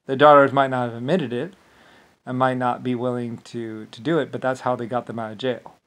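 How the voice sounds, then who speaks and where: A man talking alone in a loose, rambling rant at an ordinary middle pitch. He swears freely and waves things off with filler, one thought spilling into the next. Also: level tone, a little fast. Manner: profane, dismissive rant with frequent filler. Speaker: channel host. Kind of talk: rambling solo monologue.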